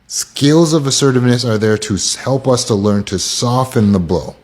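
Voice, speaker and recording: A man's voice: mid-range voice, expressive, moderate pace. A man with an American accent giving a casual self-help talk, acting out quoted lines in shifting voices.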